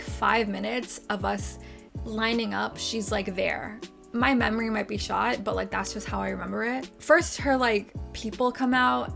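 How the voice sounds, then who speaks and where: Young woman, slightly high voice, excited casual storytelling, filler-heavy, faint music behind. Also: vocal fry. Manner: gushing, filler-heavy with many likes. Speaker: vlogger.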